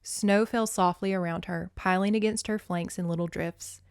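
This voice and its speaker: A woman hosting a podcast, reading a children's novel aloud and commenting in a casual, expressive way with swearing. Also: fairly low pitch, normal speed, smooth, no room sound, clean studio sound. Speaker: podcast host.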